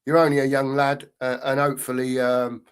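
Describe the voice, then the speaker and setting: A man's voice: medium pitch, level tone, brisk, clean tone. A middle-aged man hosting a casual live football stream, reading out chat and greeting viewers in a matey way.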